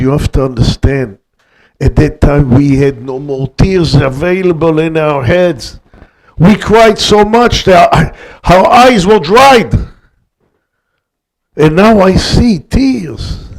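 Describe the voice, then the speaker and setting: Older male rabbi, gravelly and husky, higher-pitched than most men, dramatic storyteller. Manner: emphatic, swings between hushed and loud peaks. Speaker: guest rabbi.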